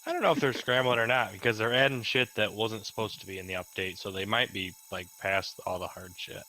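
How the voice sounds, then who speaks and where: A man with a lowish, bright and forceful voice lays out game news plainly. Faint noise and clicks sit under his mic. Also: a little fast, rough recording. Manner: matter-of-fact, informative. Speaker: party member. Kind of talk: casual gaming chat.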